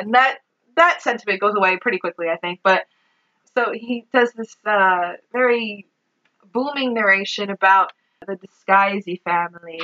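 Bright-voiced woman recapping a movie. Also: medium pitch, moderate pace, lo-fi sound. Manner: chatty, exasperated, swears and laughs. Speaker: podcast co-host. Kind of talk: casual movie recap chat.

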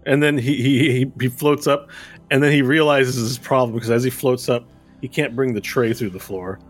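A man's voice: mid-range voice, fairly even intonation, moderate pace, soft background music. Playful male game master narrating.

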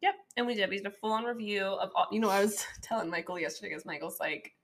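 A woman's voice: mid-range voice, fast talker. Chatty woman acting out a story. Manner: storytelling, acting out dialogue in a raised voice. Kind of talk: casual chat.

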